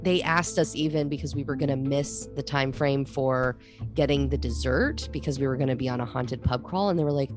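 A woman co-hosting a podcast in casual chat, telling stories with lively acted-out quotes. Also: extremely low pitch, a little fast, music in the background. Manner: animated storyteller, acts out quotes. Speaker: podcast co-host.

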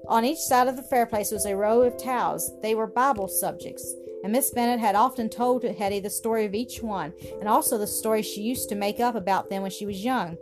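Lady reading a bedtime story, kinda high voice, music playing under it. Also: brisk, few pauses. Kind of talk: scripted narration of a classic story.

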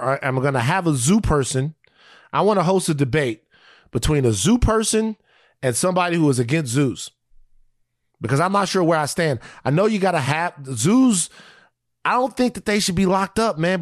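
A man's voice: sits high, very animated, moderate pace, dry recording, studio quality. Laid-back man podcast co-host. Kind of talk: casual podcast chat.

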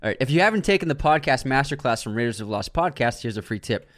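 Animated young man teasing his brother. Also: mid-range voice, fast talker. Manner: animated, teasing, laughs a lot. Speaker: podcast co-host. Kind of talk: casual podcast banter.

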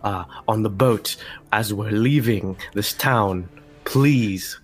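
A man with a fairly low voice plays a tabletop game, speaking politely but urging the others along. Faint music runs behind him. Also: takes it slowly. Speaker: player. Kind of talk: casual tabletop role-play.

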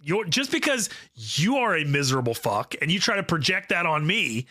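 A man's voice: fairly high pitch, sing-song, moderate pace, sharp tone. A man co-hosting a podcast, defending himself with laughter and swearing in casual banter. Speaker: podcast co-host.

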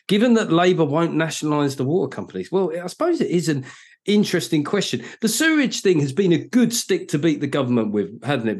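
A man's voice: a little high, darkish tone. A man with a British English accent hosting a podcast, musing and posing questions to set up topics. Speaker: podcast host. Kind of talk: casual chat.

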